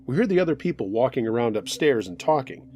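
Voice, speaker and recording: A man narrating true scary stories from listeners in the first person, in a steady storytelling way. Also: medium pitch, quick pace, slight background noise.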